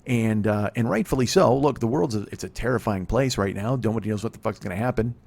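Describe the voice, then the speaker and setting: A man's voice: lowish voice, quick pace, creaky, a little mellow. A man in his forties hosting a comedy podcast alone, delivering a rambling, profane monologue that keeps interrupting itself. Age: 40s.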